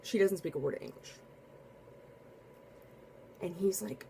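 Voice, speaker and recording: A woman telling a casual spoken anecdote in a chatty, animated way, full of asides and restarts. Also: fairly low pitch, a little slow, gravelly, background noise. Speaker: storyteller.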